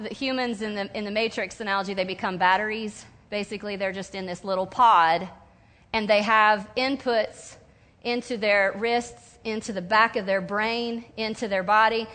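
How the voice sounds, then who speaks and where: A woman preaching a sermon in an animated way, acting out whiny voices and sobs now and then. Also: on the high side. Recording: long hall reverb.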